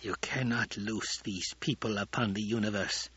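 A man's voice: lowish voice, fairly even intonation, moderate pace, sharp tone, husky, dull audio, full character voice. A man voicing an old woman truthsayer who mutters and whispers grim warnings. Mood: ominous.

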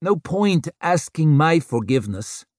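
A man's voice: fairly high pitch, sing-song, unhurried, no echo, clean studio sound, voice pushed up. A man voicing a tired, hard-bitten woman inquisitor who speaks bluntly and bitterly.

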